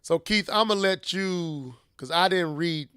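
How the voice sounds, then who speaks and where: A man co-hosting a gaming podcast, talking in an excitable, playful and slangy way. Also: sits high, unhurried, smooth, dry recording, studio quality. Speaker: podcast co-host. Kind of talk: casual gaming chat.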